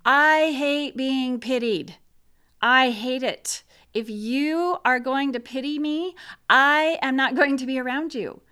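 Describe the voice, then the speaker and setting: A woman's voice: sits high, slow, pushed and bright, smooth. A middle-aged woman talking casually and bluntly about grief and support, frank and opinionated.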